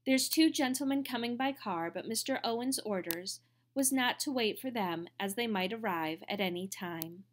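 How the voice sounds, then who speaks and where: A woman reading aloud and voicing a weather-beaten male boatman with a soft Devon accent and a persuasive manner. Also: on the high side, expressive, normal speed, natural voice.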